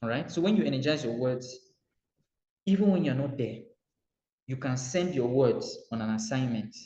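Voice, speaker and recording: A Nigerian man giving a motivational coaching talk, animated and repetitive, acting out little dialogues as he speaks. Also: mid-range voice, normal speed. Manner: animated, acts out dialogue, repeats phrases. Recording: roomy muffled recording.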